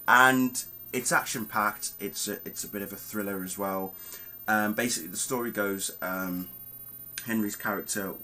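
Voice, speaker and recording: A man giving a casual spoken film review, animated and emphatic, talking straight to his viewers with plenty of ums. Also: low voice, a little hiss or hum, poor audio. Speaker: movie reviewer.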